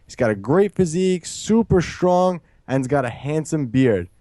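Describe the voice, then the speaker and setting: Joking New podcast host. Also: male voice, fairly high pitch, animated, normal speed, warm tone, dry recording. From New York. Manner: joking, teasing. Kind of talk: casual podcast chat.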